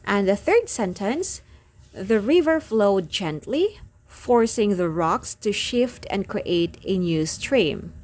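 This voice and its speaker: A woman teacher reading lecture notes aloud, going through example sentences slowly and deliberately. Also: medium pitch, lively intonation, a little mellow.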